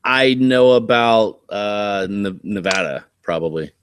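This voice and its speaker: A man's voice: lowish voice, expressive, slow pace, clear, resonant tone, no echo. A man from Oregon hosting a casual live stream, chatty and rambling as he thinks aloud. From Oregon, USA. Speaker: host.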